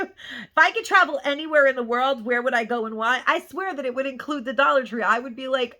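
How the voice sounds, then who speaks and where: A woman's voice: sits high, expressive, brisk, pushed and bright. A middle-aged woman vlogger chatting casually through a haul, gushing and rambling with plenty of "like" and "um".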